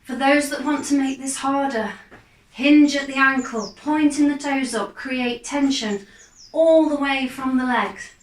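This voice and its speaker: A woman, a fitness instructor, calmly guiding a gentle exercise class with steady, encouraging cues. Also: high voice. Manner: calm, encouraging, unhurried cues. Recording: echoey room, mic far off.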